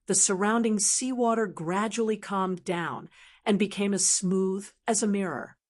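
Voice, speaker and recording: Woman reading an audiobook, steady even narration, medium voice. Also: medium pitch. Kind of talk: scripted narration.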